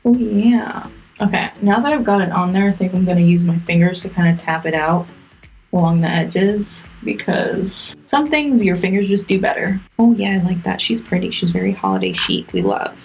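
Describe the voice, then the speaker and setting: A woman's voice: mid-range voice, normal speed, a little mellow, faint music behind. A young woman chatting casually through a makeup tutorial, self-mocking and talking straight to her viewers. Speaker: beauty vlogger.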